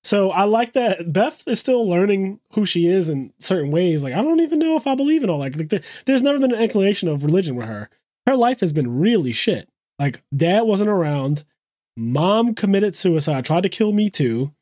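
A man co-hosting a podcast, retelling scenes in a casual, animated way with quick asides. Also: sits high, no room sound, studio quality. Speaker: podcast co-host. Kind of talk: casual chat.

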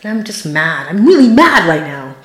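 A woman telling a personal story, expressive and acting out her own quoted words with sudden jumps in pitch and loudness. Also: moderate pace. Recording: roomy echo.

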